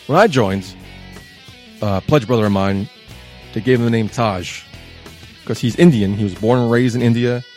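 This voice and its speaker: A man in his thirties hosting a casual talk show, chatty and sarcastic with lively asides. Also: mid-range voice, normal speed, long pauses, faint music behind. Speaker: podcast host.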